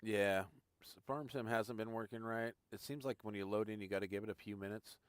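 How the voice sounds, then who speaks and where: A gaming streamer tours a farming game live, chatting casually with viewers and thinking aloud as he goes. His voice is on the low side, steady in tone, brisk and smooth, with no room sound.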